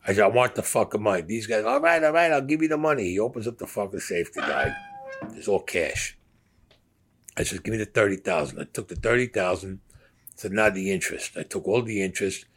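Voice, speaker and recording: A man's voice: sits low, a little fast, fairly bright tone, husky. A man recounting stories in a blunt, profane way, acting out the dialogue as he goes. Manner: blunt, profane storyteller who acts out dialogue. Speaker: former gangster telling his story.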